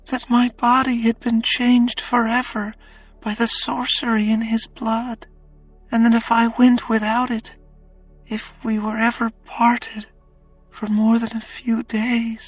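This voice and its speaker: A woman voicing a weary young captive woman, speaking in a quiet, halting confession for an audiobook, over faint music. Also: a little high, flat delivery. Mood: haunted. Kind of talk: audiobook character voice. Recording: distant tinny phone-like sound, faint music.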